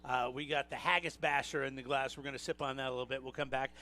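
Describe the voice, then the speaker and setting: A man hosting a live radio wine segment with upbeat, quick promotional patter. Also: medium pitch, fairly even intonation, pushed and bright. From Washington State. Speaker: radio host. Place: outdoor live broadcast at a market square.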